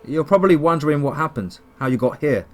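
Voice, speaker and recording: A man voicing an older male forest service official who speaks with a Texan twang in a calm, questioning way. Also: on the high side, quick pace, pitched above the performer's own voice, close to an everyday voice. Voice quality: country twang.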